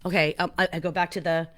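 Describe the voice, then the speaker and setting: Woman podcast host, lower voice, bright forceful tone, self-deprecating, laughs at herself, excited restarts. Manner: excited restarts and repeated words. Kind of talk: casual solo podcast talk.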